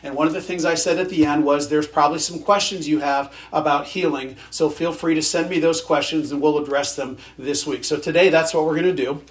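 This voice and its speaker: A man's voice: on the high side, steady tone, brisk, hardly any pauses. A male pastor preaching a sermon in a conversational way, with dry sarcastic humor.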